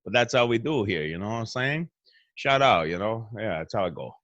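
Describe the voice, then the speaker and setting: A man's voice: on the low side, lively intonation, a little fast, fairly bright tone, dry recording, dull audio. A man with a Northeastern Pennsylvania accent, rambling through a profane comedic monologue in a hotel room. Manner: profane, meandering, restarts. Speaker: show host.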